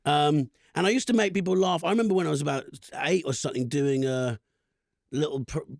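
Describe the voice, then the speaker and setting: A man's voice: on the high side, fairly quick, creaky, dry recording, clean studio sound. A male comedian guest telling rambling stories in a casual podcast chat, laughing often.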